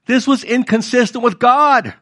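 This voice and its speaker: A middle-aged man preaches in a high, light voice. He keeps it conversational and turns to the congregation with questions. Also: moderate pace, pushed and bright. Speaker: pastor. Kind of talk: sermon.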